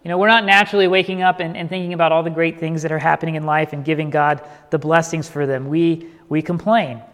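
A male pastor with a fairly high voice delivers a sermon in a relaxed, conversational way, often checking in with "okay" and "you know." His voice carries a long reverb, as in a church sanctuary. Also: fast.

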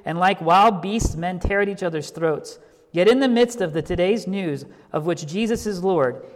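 A man's voice: sits high, big-room sound. A male pastor preaching a sermon, telling a story and building to impassioned emphasis before leading a prayer.

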